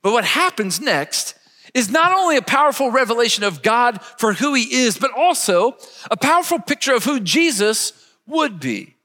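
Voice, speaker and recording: A man's voice: extremely high pitch, big pitch swings, moderate pace, bright, forceful tone, in a large hall. A man preaching a sermon emphatically, leading his listeners to repeat words after him. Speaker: pastor.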